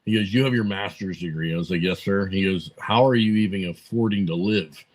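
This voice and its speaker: A man's voice: sits low, brisk, darkish tone, rough recording. A man in his forties, a podcast guest, telling long rambling stories with lots of fillers and quoted back-and-forth. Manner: rambling anecdotes full of fillers and quoted dialogue. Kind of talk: casual storytelling interview.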